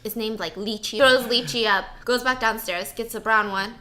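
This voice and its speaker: Brief: woman storyteller host, playful and animated, bright, slightly high. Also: moderate pace. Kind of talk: casual storytelling.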